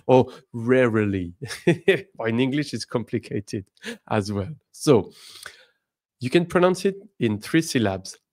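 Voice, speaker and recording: A man from France with a French accent teaching an online lesson, upbeat and encouraging, saying his examples slowly and carefully. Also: mid-range voice, expressive, a little mellow.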